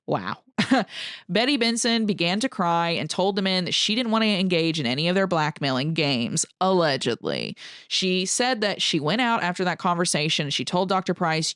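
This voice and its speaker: A woman's voice: lowish voice, sing-song, moderate pace, a bit bright, no echo, clean studio sound. A woman hosting a podcast, telling a true-crime story in a casual, chatty way, with many fillers and the odd curse. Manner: chatty, frequent "like", casual swearing. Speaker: podcast host.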